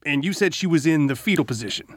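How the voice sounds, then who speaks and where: A man's voice: on the high side, animated, quick pace, no echo, studio quality. A man, a defense lawyer, cross-examining a witness with pointed, leading questions.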